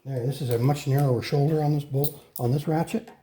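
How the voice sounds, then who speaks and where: A man's voice: mid-range voice, steady tone, a little fast, background noise. A man chatting casually to viewers while he works on a mower in his repair shop, correcting himself as he goes. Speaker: host fixing a lawn mower. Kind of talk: casual workshop vlog narration.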